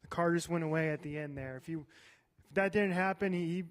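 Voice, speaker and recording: High-voiced enthusiastic man. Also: a little fast. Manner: enthusiastic, uses "legit" often. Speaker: co-host. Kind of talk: casual chat.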